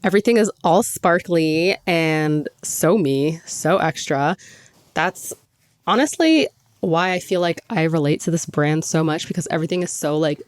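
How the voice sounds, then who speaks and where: With a deep voice and no room sound, a young woman hosts her podcast in casual conversation. She talks chattily, says "like" constantly, and laughs frequently.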